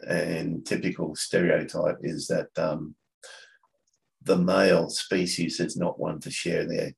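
A deep-voiced Australian man with a gravelly, creaky edge talks casually on a podcast. He stops and restarts his sentences often and fills the gaps as he looks for the right words. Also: flat delivery, poor audio. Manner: halting, with many restarts and fillers. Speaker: coffee catch-up organiser, podcast guest. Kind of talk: casual conversation.

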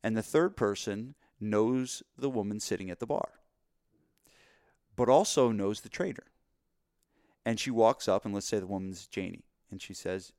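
Animated man telling stories on a podcast. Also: on the low side, normal speed, clean tone, no echo, studio quality. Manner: animated storyteller, acts out voices in anecdotes. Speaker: podcast co-host, gym marketing coach. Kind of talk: casual podcast chat.

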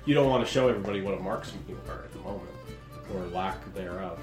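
A man's voice: low voice, quick pace, echoey room, over music. A man running a tabletop game as game master, casual, laughing and swearing.

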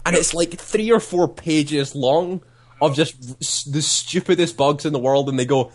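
A man's voice: fairly high pitch, moderate pace. A man co-hosting a casual gaming podcast, wry and sarcastic in his asides.

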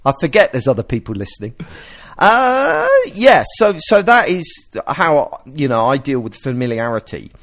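A man hosting a podcast, explaining ideas in a casual, animated way and often restarting his sentences. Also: medium pitch, normal speed. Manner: animated, explanatory, self-interrupting. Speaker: podcast host.

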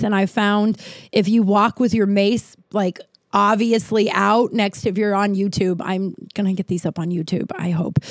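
A woman's voice: mid-range voice, dry recording. A woman in her thirties telling a rambling personal story to her viewers, full of "like"s and casual swearing. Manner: rambling, swears freely, many "like"s. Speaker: vlogger.

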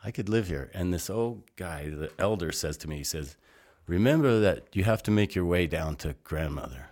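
Very deep-voiced rambling older man. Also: normal speed. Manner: rambling, animated storyteller, salty language. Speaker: interview guest. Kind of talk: casual storytelling.

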